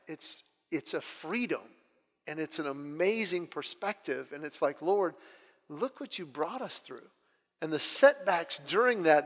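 High-voiced middle-aged man in a reverberant hall. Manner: animated, self-deprecating, restarts phrases. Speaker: speaker sharing a personal testimony. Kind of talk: humorous personal storytelling.

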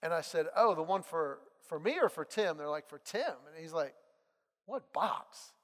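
A man with a high, light voice preaches to a congregation. He tells his story in a lively way and acts out each exchange. His voice rings with the long reverb of a large hall. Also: brisk. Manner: animated storyteller acting out dialogue. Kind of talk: sermon with personal storytelling.

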